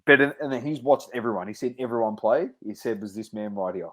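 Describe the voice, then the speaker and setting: A podcast co-host with a lowish, slightly bright voice talks fast in a casual chat. He laughs, teases his fellow hosts, and keeps calling them mate.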